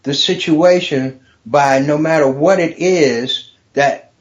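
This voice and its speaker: Man comedian guest, slightly high voice, storyteller who cracks up at his own jokes. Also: slow pace, lo-fi sound. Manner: storytelling, builds jokes and laughs loudly at his own punchlines. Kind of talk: casual podcast chat with joke telling.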